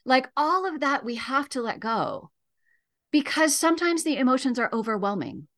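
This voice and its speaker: A woman grief educator, a guest on a radio talk show, explaining things in a calm, earnest way. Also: high voice, moderate pace. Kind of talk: radio interview.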